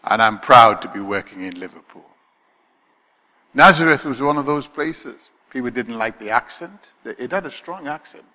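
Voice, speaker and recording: A man's voice: mid-range voice, animated, moderate pace, pushed and bright. A male pastor preaching a sermon to his congregation, emphatic, often asking rhetorical questions of his listeners. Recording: long hall reverb.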